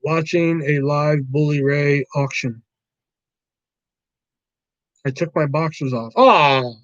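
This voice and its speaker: A man with a notably high voice chats loosely on his own livestream, swearing often and wandering from point to point. The sound is dry and close, with no room around it, but muffled and lo-fi. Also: slow pace, no echo. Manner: rambling, profane, laughs often. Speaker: livestream host. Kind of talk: casual livestream chat.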